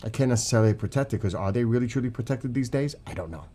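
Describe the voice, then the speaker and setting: A man's voice: mid-range voice, rapid-fire, mellow. A man with a New York accent hosting a live stream, ranting emotionally and profanely about politics to his chat. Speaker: livestream host. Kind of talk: heated political commentary to chat.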